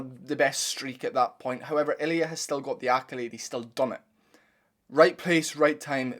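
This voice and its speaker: A young man, ranting bluntly and profanely in a reaction commentary video. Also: fairly high pitch. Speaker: MMA commentator channel host.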